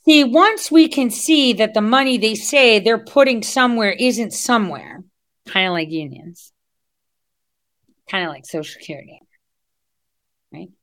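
A woman's voice: on the high side, lively intonation, unhurried, long pauses, no echo. A woman talking casually to her online audience, blunt and profane, digressing and laughing as she goes. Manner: blunt, swears freely, digresses and laughs mid-rant. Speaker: online political commentator.

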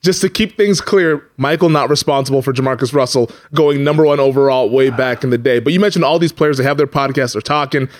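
A man's voice: mid-range voice, fast, few pauses. A man co-hosting a sports podcast, chatty and telling stories about football and betting. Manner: chatty, storytelling. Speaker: podcast co-host, sports bettor. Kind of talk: casual sports talk.

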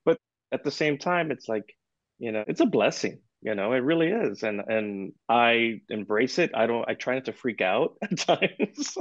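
Animated male storyteller, dull dry sound. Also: medium pitch, moderate pace, no echo. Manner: animated anecdotes, frequent "you know", casual swearing. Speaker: guest percussionist. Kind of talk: casual interview storytelling.

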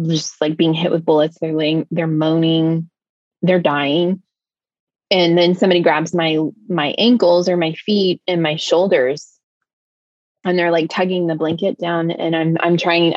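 A woman telling a personal story in conversation, rushing along with many fillers. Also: deep voice, a little mellow, no echo, lo-fi sound. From United States. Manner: tumbling, filler-heavy storytelling with many likes. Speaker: interview guest.

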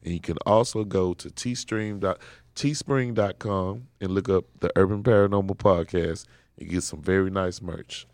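A man's voice: low voice, steady tone, moderate pace, a little mellow, dry recording. A man co-hosting a podcast, chatting casually in a laid-back, slangy storytelling manner on a close mic. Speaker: podcast co-host.

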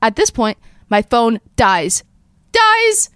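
A young woman hosts a casual podcast, rushing through a story and acting out every quote. Her voice is smooth and resonant. It is recorded close and dry, with no room sound. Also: medium pitch, no room sound. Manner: fast, animated storyteller who acts out quotes. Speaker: podcast host.

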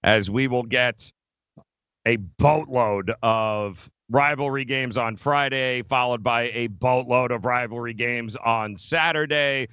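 Brief: male sports talk host, bright forceful tone, dry close sound, argumentative. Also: medium pitch, slow pace, clean tone, dry recording, muffled recording. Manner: emphatic, argumentative, many fillers. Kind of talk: casual sports betting debate.

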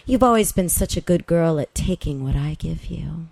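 A woman reading aloud who voices her butch woman lover in a whispered role-play, slow, hushed and dominant. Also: low-pitched, animated, creaky, no room sound, pitched below the performer's own voice, heavily acted. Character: commanding butch woman lover, low and firm.

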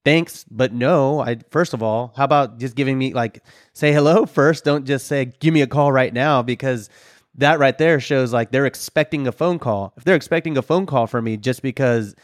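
A man hosting an interview, chatting in a relaxed, conversational way. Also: mid-range voice, normal speed, no room sound, clean studio sound. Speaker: host. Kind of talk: casual interview chat.

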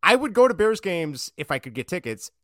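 A man co-hosting a sports podcast in casual chat, talkative and quick to laugh. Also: sits high, big pitch swings, a bit bright, dry recording, clean studio sound. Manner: chatty, laughs easily, restarts often. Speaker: podcast co-host.

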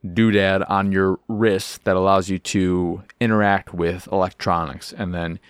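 A man with a fairly low voice rambles through a casual video game chat and swears freely. He acts out little scenes as he goes. His sound is close and dry, with no room around it. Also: little pitch movement, a little slow, clean tone, no echo. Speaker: podcast host.

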